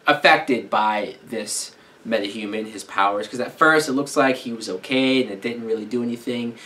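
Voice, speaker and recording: A young man giving a casual, enthusiastic spoken review of a TV episode, joking and throwing in quick asides. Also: mid-range voice, pushed and bright.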